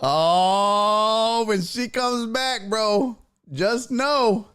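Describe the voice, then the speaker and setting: A man hosting a casual sports livestream, bantering loudly and profanely with his chat. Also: extremely high pitch, lively intonation, very slow, smooth. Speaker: livestream sports talk host. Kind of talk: casual livestream chat reading viewer comments.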